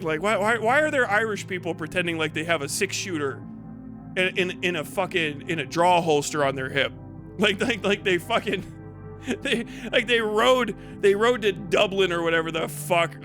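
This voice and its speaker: Profane, high-voiced man ranting on stream. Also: normal speed, over music. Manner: profane, laughing, rambling. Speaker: livestream host. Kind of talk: casual livestream rant.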